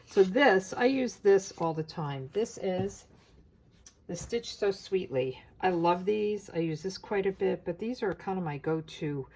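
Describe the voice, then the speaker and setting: A woman giving a casual, chatty step-by-step craft tutorial, talking as she works with her hands and often pausing on filler words. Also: mid-range voice, lively intonation, a little mellow. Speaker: papercraft demonstrator.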